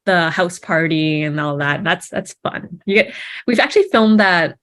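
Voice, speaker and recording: A woman's voice: fairly low pitch, expressive, moderate pace, a bit bright. A young woman, an actress, chatting casually in an interview, bubbly and giggly with many fillers and restarts.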